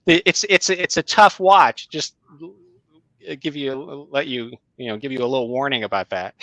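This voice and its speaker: A middle-aged man, a writing teacher, telling a story in casual conversation, halting with many fillers and restarts. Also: medium pitch, pushed and bright, no room sound, rough recording. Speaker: guest, creative writing teacher.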